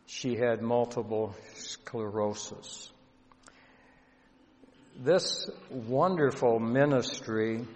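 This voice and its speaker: A male pastor telling a story in a sermon, slow and earnest, with emotion rising at times. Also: medium pitch. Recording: dull lo-fi sound with long hall reverb.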